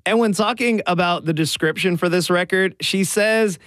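A man's voice: high voice, normal speed, fairly bright tone, dry recording, studio quality. Southern man hosting radio. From Alabama. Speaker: radio host. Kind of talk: radio music talk.

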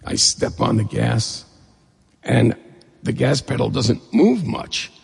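A middle-aged man telling a humorous personal story, animated and acting out the dialogue. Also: slow, vocal fry, breathy edge. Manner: animated, acts out dialogue with rising pitch. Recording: long hall reverb.

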